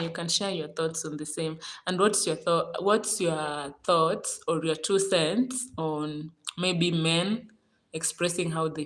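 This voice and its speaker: A woman's voice: deep voice, reverberant. A young Kenyan woman with a Kenyan accent hosts a casual live stream, reading viewer comments aloud and thanking each person by name.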